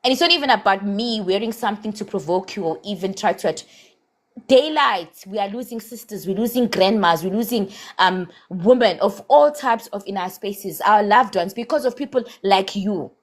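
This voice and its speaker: A woman's voice: mid-range voice, normal speed. A woman with a South African accent in a heated live-stream debate, impassioned and scolding, slipping Zulu words into her English.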